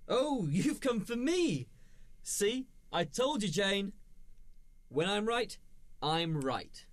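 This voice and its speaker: A bumbling, chirpy English host, played by a man with a high, lively voice that bounces around. He stays cheerful and a little flustered. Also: slow, full character voice. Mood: sheepish. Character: bumbling husband and metal show host. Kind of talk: sketch comedy acting.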